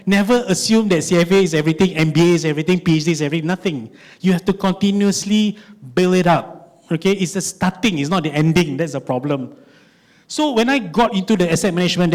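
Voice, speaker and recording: A man in his forties with a Malaysian English accent speaks at a finance summit. His voice sits on the higher side, and he tells his stories in an animated way, tossing rhetorical questions at the audience. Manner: animated storytelling, lots of rhetorical "right?". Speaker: conference speaker. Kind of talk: conference keynote talk.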